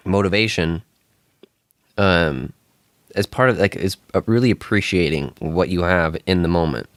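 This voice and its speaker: A man's voice: lowish voice, dry recording, clean studio sound. A young man hosting a solo podcast, talking casually and rambling with frequent restarts and chuckles. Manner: rambling, self-interrupting, chuckles often. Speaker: podcast host.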